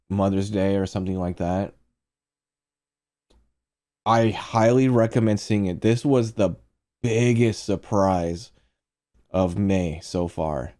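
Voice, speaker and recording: A man's voice: fairly low pitch, mellow. A man streaming casual movie reviews, rambling and profane as he talks to his chat.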